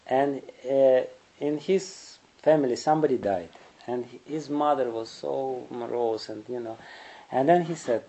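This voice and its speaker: A man's voice: medium pitch, unhurried, few pauses, dark tone, rough recording. A man giving a spiritual lecture, telling stories in a rambling way and chuckling often. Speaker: spiritual teacher.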